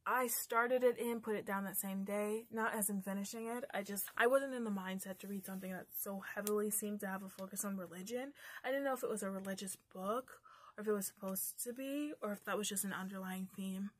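A woman's voice: mid-range voice, fairly quick. A woman chatting casually about the books she read, candid and ranty, swearing freely as she goes. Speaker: book vlogger. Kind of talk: casual book review chat.

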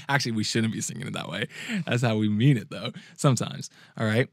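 A young man giving a casual sermon-style talk as a podcast host. He talks conversationally, restarts his phrases often, and acts out quotes in a higher voice. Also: brisk, creaky, fairly bright tone, no echo, studio quality. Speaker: youth preacher and podcast host.

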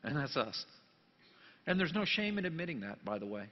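A pastor giving a jokey sermon, dropping to quiet asides and then rising into loud, emphatic bursts. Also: male voice, fairly high pitch, very animated, a little fast. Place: church sanctuary. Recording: long church reverb, dull lo-fi sound.

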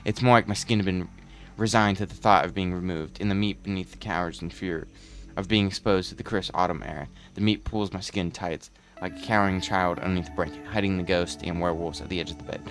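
A man's voice: deep voice, steady tone, fairly quick, hardly any pauses, soft background music. A man voicing a frightened father as he reads a journal from a game aloud, brooding and dramatic.

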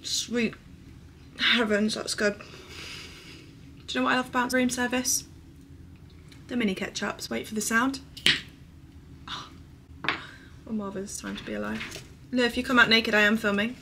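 A woman's voice: a little high, fairly even intonation, normal speed, long pauses, bright, forceful tone. A woman in her twenties, a lifestyle vlogger chatting casually to camera, bubbly and talkative with some casual swearing. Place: hotel room. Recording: roomy hotel room, slightly distant mic, faint noise.

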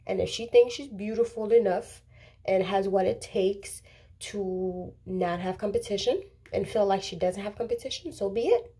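A woman vlogger giving sassy, animated opinion commentary to the camera in a casual way. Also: medium pitch, moderate pace. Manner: sassy, animated, talks back to the subject. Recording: roomy echo with faint background noise.

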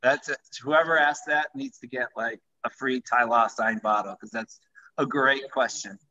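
Man, vodka brand founder on a livestream, eager sales pitch, bright tone, dull lo-fi sound. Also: normal speed. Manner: enthusiastic, pitching his product. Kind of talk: live-streamed conversation.

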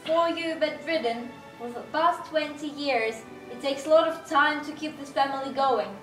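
A woman's voice: high voice, normal speed, a bit bright. A woman playing a tired, hardworking mother in a school stage play, blunt and weary. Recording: echoey hall from far off, music behind.

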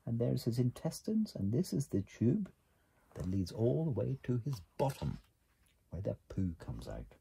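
Slow, lively man reading a picture book. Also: mid-range voice, gravelly, slightly rough. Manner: animated, gasping and exclaiming at pictures. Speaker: reader.

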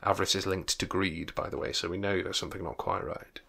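Male teacher, revision lesson, enthusiastic explaining, lowish gravelly voice. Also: little pitch movement, fast, bright, forceful tone.

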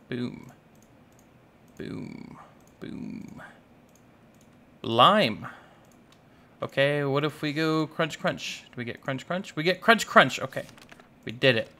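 A young gaming YouTuber provides casual, playful Let's Play commentary on his own gameplay. His medium-pitched, gravelly voice has a fairly bright tone as he scolds the game's animals and mutters to himself.

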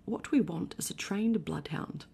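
A woman voicing a gloomy, melancholy male donkey in a soft, whispery voice, as whispered role-play. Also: fairly low pitch, measured pace, creaky, breathy edge, heavily acted.

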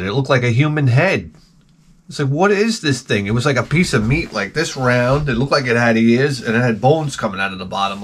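Middle-aged guy rambling on, swears a lot, pokes fun at himself, mid-pitched voice. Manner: rambling, profane, self-mocking storytelling. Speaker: video host. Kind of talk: casual rambling chat.

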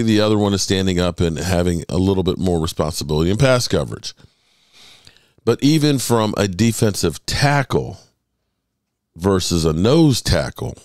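A man's voice: sits low, a little mellow, dry recording, studio quality. A man hosting a sports podcast, talking emphatically in solo commentary and stretching words for emphasis.

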